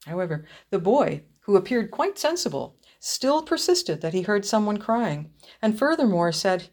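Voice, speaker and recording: A woman reading a ghost story aloud in a measured, expressive storytelling manner. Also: mid-range voice. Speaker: reader.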